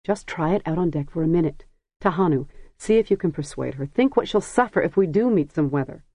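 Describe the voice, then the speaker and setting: A woman's voice: deep voice, lively intonation, warm tone, no echo. A narrator voicing a blunt, bossy older mother who scolds in a dry, close recording. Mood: scolding. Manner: brisk, scolding.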